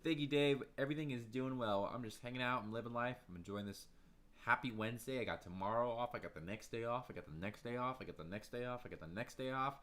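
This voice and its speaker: Energetic chatty man hosting a home livestream. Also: medium pitch, quick pace. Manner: energetic, chatty, laughs often. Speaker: livestream host. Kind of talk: casual livestream chat.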